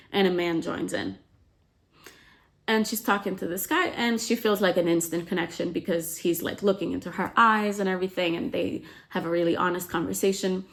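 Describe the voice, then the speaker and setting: A woman with a somewhat low voice retells a novel's story in a relaxed, chatty way. She leans on "like" and slips into the characters' lines as she goes, as a book summary host. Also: vocal fry. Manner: chatty, frequent "like" fillers, acts out quotes. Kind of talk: casual book plot retelling.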